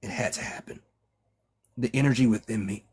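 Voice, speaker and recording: A man voicing a dying young male warrior who speaks in a faint, rasping whisper, in short broken phrases. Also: fairly low pitch, a little fast, a little mellow.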